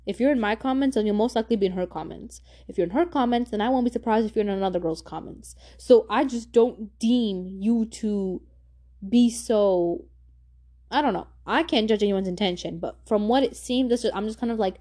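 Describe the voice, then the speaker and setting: Slangy, emphatic young woman, mellow voice. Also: on the high side. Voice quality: slangy, emphatic, repeats herself for stress. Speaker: podcast host. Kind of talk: casual advice talk.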